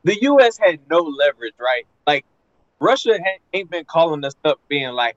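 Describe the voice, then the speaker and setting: A man's voice: a little high, animated, normal speed, dry recording. A man in a casual panel podcast chat, laid-back and joking, breaking things down. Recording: dull, dry mic sound.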